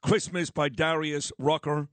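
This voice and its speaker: A man's voice: on the high side, fairly even intonation, a bit bright, dry recording. Teasing middle-aged male radio host. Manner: argumentative, teasing, quick comebacks. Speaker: radio talk show host. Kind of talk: casual radio banter. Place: radio studio.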